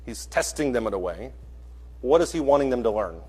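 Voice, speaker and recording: A man with a husky, slightly rough voice teaches a church Bible class, posing questions to the room and calling on people to answer. His delivery is conversational and mid-pitched. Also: expressive, brisk, a little mellow. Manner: asks the class questions and calls on students.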